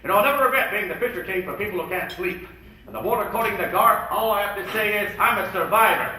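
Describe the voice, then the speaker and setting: High, bright-voiced comic emcee in a hall. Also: male voice, slight background noise. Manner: rapid-fire jokes and impressions, jumping in and out of voices. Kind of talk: comic impressionist emcee routine. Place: luncheon event hall. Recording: echoey hall, far from the mic.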